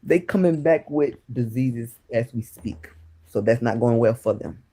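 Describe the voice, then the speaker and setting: A man's voice: mid-range voice, a little slow, warm tone, husky. A man calling in to a live stream, talking casually and brushing points aside. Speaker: caller.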